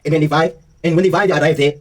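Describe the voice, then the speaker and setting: A man's voice: a little high, rapid-fire, distant mic. A man telling a story in a casual, slangy vlog monologue, acting out the lines of the people in it. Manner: slangy, animated retelling with acted-out dialogue.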